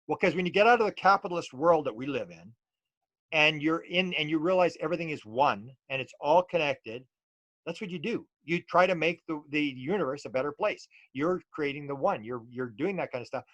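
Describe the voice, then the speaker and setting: A man's voice: a little high, expressive, a little fast, fairly bright tone, no echo. A middle-aged man, a UFO researcher talking as an interview guest and telling stories loosely with many restarts and fillers. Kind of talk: casual storytelling interview.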